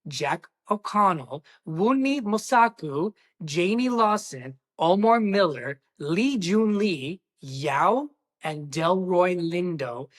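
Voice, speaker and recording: A woman giving a casual movie review, excitable and exclamatory, talking straight to her viewers. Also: on the low side, slow pace. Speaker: film reviewer.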